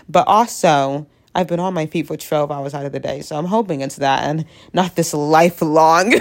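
Low gravelly-voiced young woman with a head cold. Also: a little fast, hardly any pauses. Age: young adult. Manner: rambling, self-deprecating, jokey. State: stuffy head cold, sniffling. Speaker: vlogger. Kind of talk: casual confessional chat.

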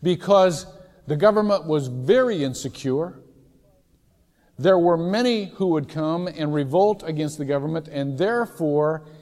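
A man from Ohio preaching a sermon in a casual, storytelling way, with occasional loud shouted impressions. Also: a little high, unhurried. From Ohio, USA. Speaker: pastor. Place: large church sanctuary. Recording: church hall reverb.

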